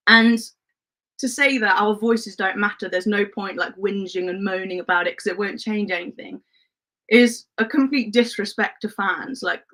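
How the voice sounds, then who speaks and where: A woman's voice: on the high side, fairly bright tone, rough recording. A woman hosting a football fan live stream, reading the chat aloud in a chatty, passionate way with frequent laughs and fillers.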